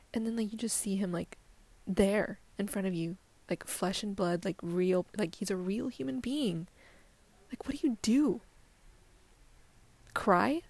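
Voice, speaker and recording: A woman's voice: a little high, a little mellow, no echo. A young woman hosting her own solo podcast, rambling casually with lots of fillers and swearing, often dropping to a near-whisper. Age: young adult. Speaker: podcast host.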